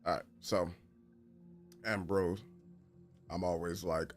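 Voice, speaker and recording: A man with a fairly low voice gives casual commentary while streaming a game. He reads in-game messages aloud and laughs often. His pitch swings widely as he reacts. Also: very animated, unhurried, a bit bright, soft background music. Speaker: gaming streamer.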